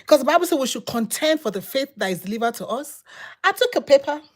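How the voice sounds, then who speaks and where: A woman giving a personal testimony as a sermon, telling her story with repetition and dramatic pauses. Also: high voice, animated. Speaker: preacher.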